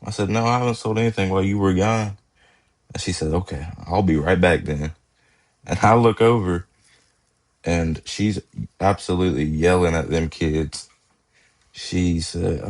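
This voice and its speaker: A man's voice: deep voice, moderate pace. A young man hosting a podcast, telling stories in a laid-back, slangy way and laughing as he goes. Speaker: podcast host. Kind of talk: casual storytelling.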